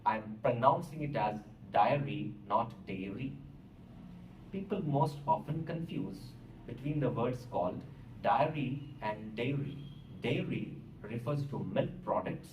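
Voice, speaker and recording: A man's voice: medium pitch, a little mellow. A man with an Indian English accent teaching an English writing lesson, explaining step by step and spelling words out letter by letter. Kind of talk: classroom lecture. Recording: roomy echo, distant mic, faint hiss.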